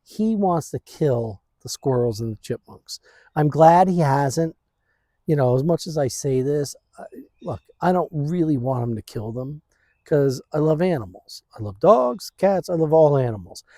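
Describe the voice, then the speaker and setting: A man's voice: fairly high pitch, expressive, unhurried, mellow, no room sound, studio quality. Laid-back man rambling in his backyard. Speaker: vlogger. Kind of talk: casual vlog chat. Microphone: phone on a stand.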